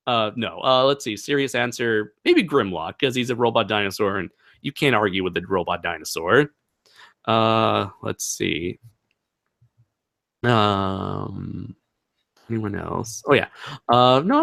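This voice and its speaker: A man's voice: lowish voice, measured pace, gravelly, fairly bright tone. A young man hosting a casual livestream Q&A, rambling and laughing, with many fillers. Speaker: channel host.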